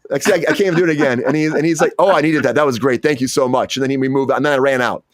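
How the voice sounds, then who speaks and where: An actor hosting the show chats casually at a rapid-fire clip, acting out quotes from his stories in a raised, high voice. He's an animated storyteller, recorded dry in studio quality.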